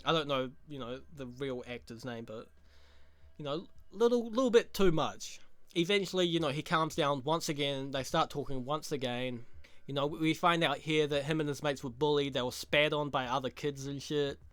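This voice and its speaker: A man's voice: a little high, moderate pace, a bit bright, no room sound. Young man ranting crudely. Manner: crude, laughing, rambling slang-heavy talk. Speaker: show reviewer. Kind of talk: casual recap commentary.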